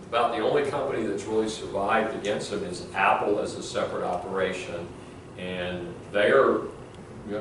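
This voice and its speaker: A man's voice: fairly low pitch, recorded from a distance. A middle-aged male law professor giving a conversational classroom lecture full of anecdotes, fillers and restarts. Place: large classroom. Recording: echoey classroom recorded from afar, faint hiss.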